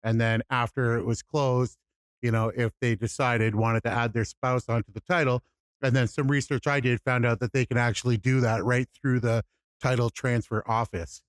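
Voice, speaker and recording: A male podcast co-host chats casually and relaxedly, saying "you know" a lot. His mid-range voice is clear and resonant at a normal speed, and the studio sound is clean with no room sound.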